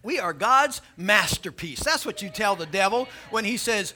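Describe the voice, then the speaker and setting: A man's voice: high-pitched, expressive, normal speed, hardly any pauses, sharp tone. A man preaching a sermon emphatically, building his volume and telling jokes.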